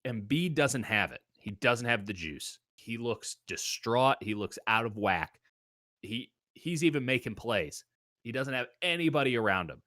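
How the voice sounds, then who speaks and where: Bright-voiced man riffing on betting picks. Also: mid-range voice, measured pace, dry recording, clean studio sound. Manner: animated, riffing with comic exaggeration. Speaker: sports betting podcast host. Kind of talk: casual sports betting talk.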